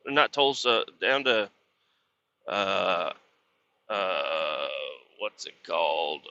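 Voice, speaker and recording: A man who drives a truck rambles through a casual podcast monologue, grumbling and cursing about work. His voice is sharp and very bright. The recording is dry and dull, with a lo-fi edge. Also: low voice, very animated, extremely slow, no room sound. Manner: profane, grumbling and frustrated, with many fillers. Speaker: truck driver hauling water; podcast host. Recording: dull lo-fi sound.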